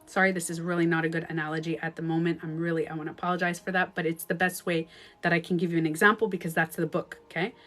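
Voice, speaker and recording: A Canadian woman coaching in a casual livestream talk, swinging into sudden loud outbursts. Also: lowish voice, little pitch movement, quick pace. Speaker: life coach. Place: at home, streaming live. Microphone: phone.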